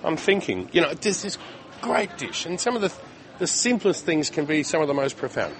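A man hosting a casual chat at an outdoor market, jokey and quick with asides. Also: on the high side, big pitch swings.

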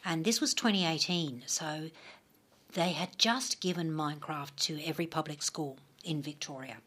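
A woman's voice: sits low, moderate pace, a bit bright. An Australian woman, an education program manager, explaining her work as a studio guest on the radio. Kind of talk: radio interview.

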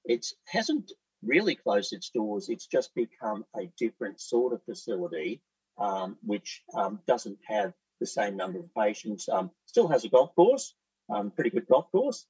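Middle-aged male psychiatrist, low and measured. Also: sing-song, darkish tone, no echo, distant mic, dull audio. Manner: measured and reflective, hesitant with fillers. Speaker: psychiatrist guest. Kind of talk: radio panel discussion.

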